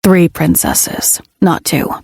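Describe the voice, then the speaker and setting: A woman's voice: a little slow, creaky, a little mellow, breathy edge, no room sound, studio quality, exaggerated voice. A woman voicing a terse, brooding young man. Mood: quietly meaningful. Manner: curt, low-key.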